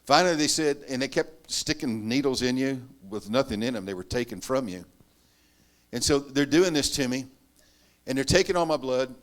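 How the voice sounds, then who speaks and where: A middle-aged man at a church, sharing his testimony as a storytelling sermon. He talks with lively humor and often pokes fun at himself. His voice sits at an ordinary pitch for a man. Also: moderate pace. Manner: animated, humorous storytelling with self-mocking asides. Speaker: preacher giving a testimony.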